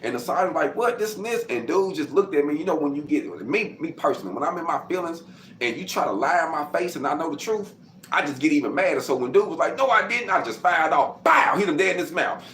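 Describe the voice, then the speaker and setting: Animated man telling stories. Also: on the high side, fast. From Arkansas. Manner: animated, acts out quotes and sound effects, gets loud. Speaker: host telling his life story. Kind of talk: casual storytelling to camera. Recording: roomy with faint background noise.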